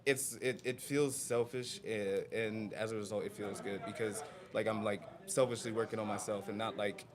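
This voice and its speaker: A man on a podcast speaks in a low register, hesitant and full of fillers. A crowd of voices is clearly heard around him in the recording. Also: steady tone, moderate pace. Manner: hesitant, full of fillers, often agrees with short replies. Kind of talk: casual podcast chat.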